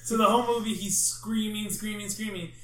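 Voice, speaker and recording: Animated storytelling man, echoey room. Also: high voice, brisk. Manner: animated, swears, acts out friends' reactions. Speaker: podcast host. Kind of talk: casual chat, storytelling. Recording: echoey room, faint background hum.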